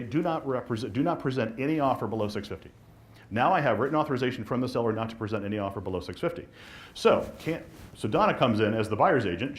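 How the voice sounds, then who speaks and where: A man with a mid-range voice teaches a live real estate marketing class at a fast, animated clip. He acts out dialogue between clients and agents.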